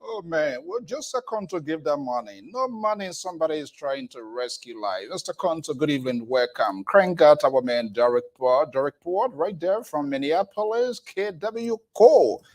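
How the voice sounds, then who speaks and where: A man's voice: a little high, sing-song, normal speed, hardly any pauses. A man hosting a live call-in radio show, energetically greeting listeners by name. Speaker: radio talk show host.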